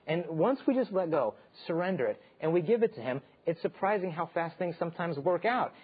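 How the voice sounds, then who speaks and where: A man in his thirties, hosting an inspirational talk show, telling lively stories and acting out the voices in them. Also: on the high side, fast talker, few pauses, slightly rough. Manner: animated storyteller acting out quoted voices. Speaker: host and speaker. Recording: dull lo-fi sound.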